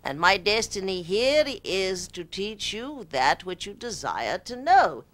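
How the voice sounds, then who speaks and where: A woman's voice: medium pitch, sing-song, measured pace. A woman voicing an ancient male spirit teacher in a put-on British accent, making archaic, pompous pronouncements. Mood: grandiose.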